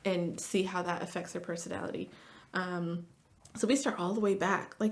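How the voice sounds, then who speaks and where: A woman therapist talking casually as a podcast guest, chatty, with lots of "like" fillers and lively storytelling. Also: lowish voice, normal speed. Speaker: marriage and family therapist.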